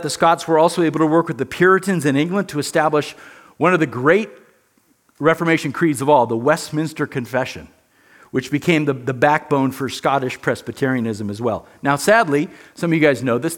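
A man's voice: fairly high pitch, a bit bright. Earnest man lecturing on church history. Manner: earnest, emphatic, repeats words. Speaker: teacher.

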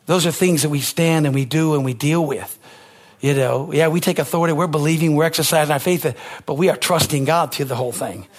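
Delivering a sermon, a male pastor speaks passionately and at a brisk clip, echoing key phrases while shifting from shouts to quiet murmured asides.

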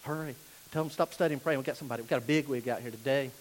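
A preacher voicing an eager, fawning male church greeter who talks in a low, excited hush. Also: fast, a little hiss or hum, poor audio. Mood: excited whisper.

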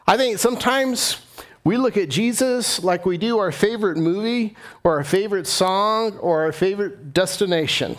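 A man's voice: high voice, normal speed. A middle-aged man preaching a sermon as pastor, earnest and climbing to impassioned emphasis.

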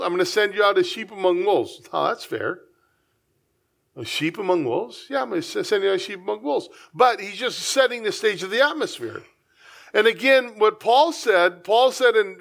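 A man's voice: high-pitched, a bit bright. A man pastor preaching a conversational sermon, breaking into acted-out asides.

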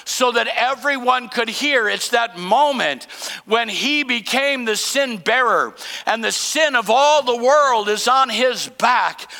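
A man preaching a sermon as pastor, swinging between shouted proclamations and hushed, slow lines. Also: extremely high pitch, lively intonation, vocal fry, long reverb tail.

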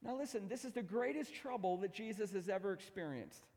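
A middle-aged man preaching a sermon as pastor, emphatic, swinging between loud declarations and hushed asides. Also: high voice, a little fast. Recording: long hall reverb.

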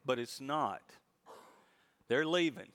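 Pastor preaching with rising emphasis. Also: male voice, medium pitch. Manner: expressive preaching, rising loud for emphasis and slowing on key phrases. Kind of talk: sermon.

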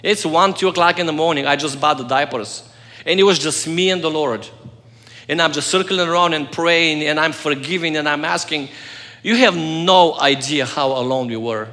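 Bright-voiced man preaching in a reverberant hall. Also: on the high side, moderate pace. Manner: earnest storytelling, swings between loud and soft. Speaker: pastor. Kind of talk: sermon.

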